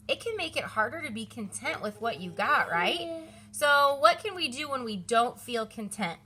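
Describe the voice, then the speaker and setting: A woman in her thirties with a bright, slightly high voice walks volunteers through a children's lesson in a chatty, practical way. She records at home, and faint household noise sits under her voice. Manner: chatty, stops to correct her children mid-explanation. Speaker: children's ministry leader.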